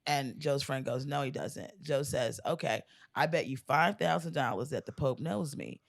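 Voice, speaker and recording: A woman in her forties, a comedian guest, telling a long joke in casual podcast chat, animated and laughing often. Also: a bass voice, moderate pace, gravelly. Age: 40s. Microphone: studio mic.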